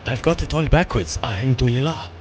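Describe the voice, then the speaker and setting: A man reading out a blunt, swearing male game quest-giver in a put-on English accent, rough and clipped. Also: mid-range voice, lively intonation, fairly quick, a little mellow, soft background music, natural voice. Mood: gruff.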